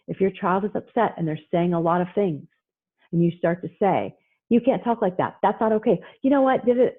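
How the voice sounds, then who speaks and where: Husky woman therapist on a tinny call. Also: on the low side. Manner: lively, acts out child and parent voices. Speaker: therapist giving a parenting talk. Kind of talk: animated online presentation. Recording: husky voice over a tinny phone-like line.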